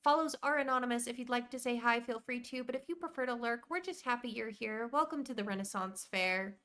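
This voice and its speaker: A woman's voice: fairly high pitch, a little fast, fairly bright tone, smooth. A woman live streaming as she plays a game, chatting casually, rambling through details and greeting viewers by name. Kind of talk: casual live-stream chat while playing.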